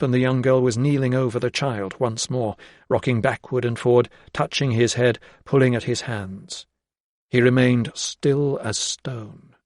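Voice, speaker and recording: A male audiobook narrator with a mid-range voice, reading a period novel in steady, even storytelling. The sound is close and very dry, with no room at all. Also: medium pitch, dry recording. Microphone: close studio mic.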